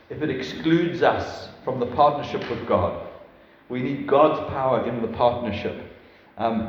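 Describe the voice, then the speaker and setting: A man preaching a sermon, earnest, reading scripture slowly and stumbling over his words now and then. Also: mid-range voice, slight background noise. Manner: earnest, reads scripture slowly, restarts and laughs at slips. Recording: echoey hall, dull lo-fi sound.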